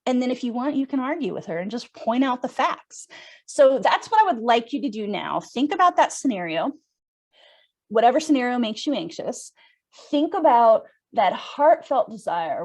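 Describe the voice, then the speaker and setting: A woman's voice: on the high side, a little mellow. A young woman teaching a yoga breathing workshop over a video call, chatty and upbeat, laughing often and acting out an anxious inner voice. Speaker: yoga instructor. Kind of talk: live online workshop talk.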